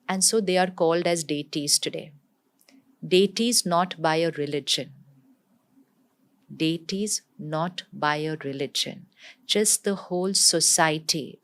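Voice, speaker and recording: A woman, explaining spiritual ideas in an interview in a calm, teacherly way, often repeating herself for emphasis. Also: on the low side.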